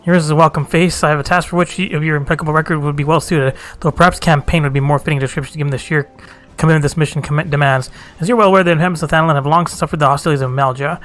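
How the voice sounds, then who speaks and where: A man's voice: fairly high pitch, steady tone, a bit bright, soft background music, close to an everyday voice. A man reading a formal military commander. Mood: stern. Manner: formal and measured.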